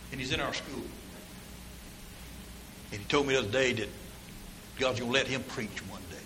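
A man's voice: mid-range voice, background noise. A man, preaching a sermon through rambling folksy stories in down-home grammar. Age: 60s.

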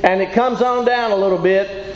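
A high-pitched preacher with a steady tone delivers a call-and-response sermon at normal speed, folksy and emphatic as he puts questions to the congregation. The church-hall recording is echoey, dull and lo-fi, with slight background noise.

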